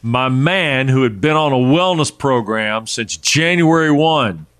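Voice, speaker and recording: Male co-host, mid pitch with a very lively melody, quick to react and joke. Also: clean tone. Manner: chimes in with short reactions and jokes. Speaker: radio co-host. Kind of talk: casual chat.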